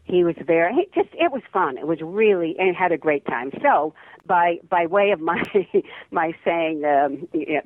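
A woman's voice: fairly low pitch, expressive, unhurried, dry recording. Older woman on a tinny phone line. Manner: chatty, rambling with many restarts and laughs. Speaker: actress guest. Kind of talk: casual phone interview. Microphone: telephone.

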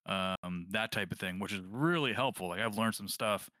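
A man co-hosting a podcast, chatting casually about video games in a rambling, relaxed way. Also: lowish voice, moderate pace, no room sound, clean studio sound. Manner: rambling, relaxed, lots of fillers and restarts. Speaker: podcast co-host.

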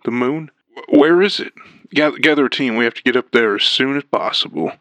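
A man's voice: medium pitch, a bit bright, dry recording, natural voice. A man voicing a flustered male astronaut who stammers through a mission report. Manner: halting, stammering radio report.

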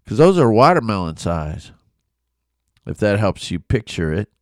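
A man, a pastor, retelling a Bible story in a casual, animated way and asking his listeners questions. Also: on the low side, a little slow, no room sound, clean studio sound. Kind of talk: casual Bible study talk.

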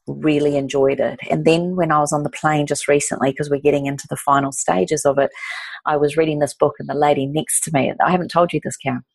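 A woman in her forties with a low, gravelly, husky voice talks through her story warmly and effusively, with frequent restarts. She sounds close and dry, with no room around her. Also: steady tone, quick pace, no room sound. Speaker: author and guest. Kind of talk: casual conversational storytelling.

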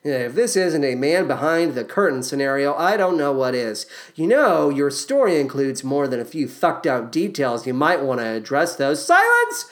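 A woman's voice: rumbling low, animated, normal speed, hardly any pauses. A woman hosting a podcast and giving commentary on a musical, with a dry, sardonic manner. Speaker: podcast host.

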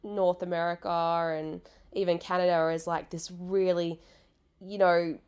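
A woman from Australia with an Australian accent, chatting casually on a podcast, bubbly and quick to laugh. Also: fairly low pitch, level tone, a little mellow, smooth. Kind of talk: casual chat.

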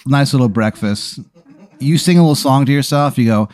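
A fast-talking podcast host with a mid-range voice riffs animatedly through an improvised, rambling comedy bit, slipping into goofy voices. No echo is heard.

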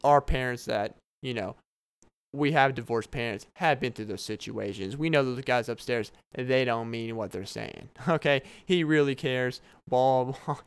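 Smooth-voiced young man rambling on a podcast. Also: mid-range voice, moderate pace. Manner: rambling, animated storytelling with frequent laughs and fillers. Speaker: podcast host.

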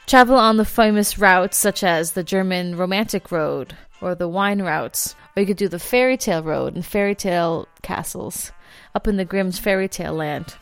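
A woman's voice: mid-range voice, no echo. A woman hosting a casual travel vlog, chatty and self-deprecating, laughing easily. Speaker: vlog host.

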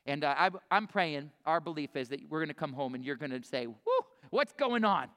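A pastor preaches in a relaxed, chatty way, often stopping to restart a thought or to act out a quote. His voice sits high for a man and rings with a bright, forceful edge. The sound carries a long reverb from a big sanctuary. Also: fast talker, smooth. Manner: conversational, self-interrupting preaching with quoted asides. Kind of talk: sermon. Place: church sanctuary.

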